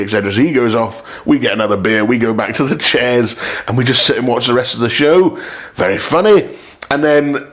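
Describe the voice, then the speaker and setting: A man's voice: medium pitch, brisk. A man in casual podcast chat, telling a story with lots of energy and acting out the voices of the people in it. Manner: animated, acts out voices of people in his story. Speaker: podcast guest.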